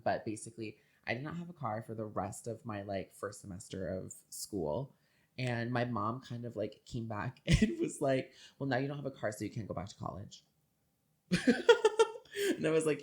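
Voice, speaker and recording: A young woman co-hosting a podcast, telling a story in casual chat, animated and full of fillers and swearing. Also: rumbling low. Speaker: podcast co-host.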